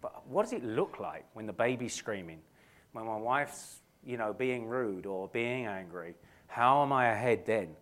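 A middle-aged British man preaching a sermon as a pastor in a church, earnest and animated, often restarting his phrases and acting out quotes. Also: fairly low pitch, unhurried. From Britain.

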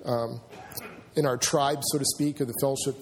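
A man preaching a sermon in a church, earnest and halting, often restarting his sentences and filling pauses. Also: medium pitch, fairly even intonation. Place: church sanctuary.

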